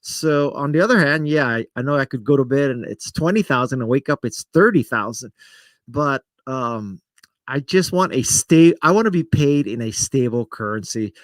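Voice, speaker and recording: A man's voice: mid-range voice, lively intonation, moderate pace, dry recording. A middle-aged man hosting a live stream, chatting casually and self-deprecatingly as he answers viewers by name. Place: home studio setup in front of a camera.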